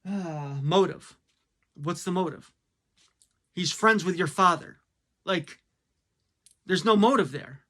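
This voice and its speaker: A man's voice: high-pitched, slow, pauses often, pushed and bright. A man giving a blunt, casual opinion monologue, full of fillers and rhetorical questions. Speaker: commentator.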